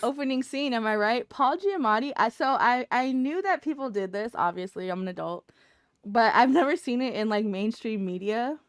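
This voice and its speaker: A woman's voice: a little high, expressive, moderate pace, no echo, studio quality. A woman co-hosting a casual chat among friends, blunt and joking, laughing often. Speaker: podcast co-host.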